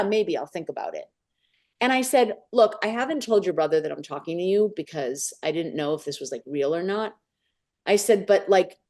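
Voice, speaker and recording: A woman, a podcast guest, telling a long personal story in an animated way and acting out the voices of the people in it. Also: on the low side. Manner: animated, acts out quoted voices.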